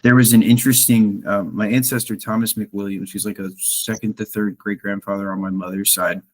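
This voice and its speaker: An enthusiastic man talking casually on a podcast panel, often breaking into laughter. His voice sits a bit low. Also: flat delivery, fairly quick. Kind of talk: casual discussion.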